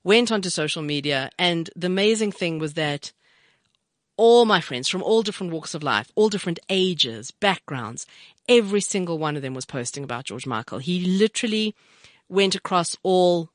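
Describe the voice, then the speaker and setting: A woman co-hosting a radio show, chatting casually and emphatically, quick to correct her partner. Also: lowish voice, animated, no room sound, studio quality. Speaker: radio co-host.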